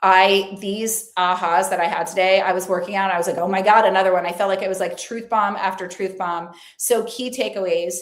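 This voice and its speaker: A woman's voice: mid-range voice, steady tone, normal speed, hardly any pauses, echoey room. A woman giving an earnest, chatty motivational talk to camera, full of fillers, sometimes dropping to a near whisper. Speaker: lifestyle and faith vlogger.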